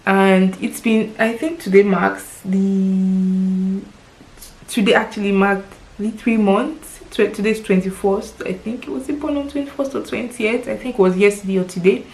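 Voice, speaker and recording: A woman's voice: mid-range voice, moderate pace, poor audio. Nigerian woman in her 30s vlogging, teary and heartfelt, keeps repeating words. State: crying at times. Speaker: lifestyle vlogger. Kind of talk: personal vlog, emotional storytelling.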